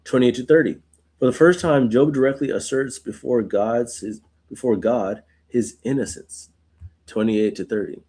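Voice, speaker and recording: A man's voice: medium pitch, moderate pace, a little mellow, husky. A man hosting a Bible study who reads verses aloud and then explains them informally, often asking "right?". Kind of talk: reading scripture aloud with casual commentary.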